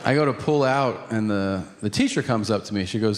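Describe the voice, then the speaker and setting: A man's voice: on the low side, fairly quick. A man doing a stand-up comedy routine on stage, sarcastic and exasperated as he tells a story about family life. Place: comedy stage before a live audience. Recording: echoey live stage recording with noise.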